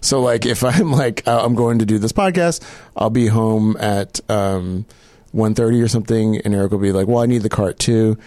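A man's voice: fairly low pitch, normal speed, a little mellow, no room sound. A man co-hosting a podcast, chatting casually about films and laughing easily. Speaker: podcast co-host. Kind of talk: casual chat.

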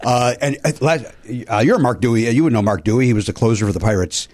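A man's voice: mid-range voice, quick pace, darkish tone. A man hosting a comedy podcast, telling rambling anecdotes full of fillers and restarts. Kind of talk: casual chat, telling anecdotes.

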